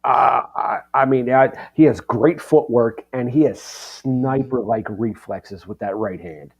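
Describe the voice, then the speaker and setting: A man co-hosting a podcast, giving casual fight analysis in a halting way, with many ums. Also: mid-range voice, husky. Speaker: podcast co-host.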